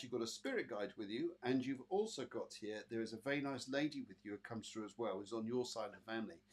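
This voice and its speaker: A medium-pitched, husky male voice with a British English accent belongs to a man from Britain who hosts a live online psychic show. He chats casually with viewers, naming them as he gives readings, and uses lots of fillers.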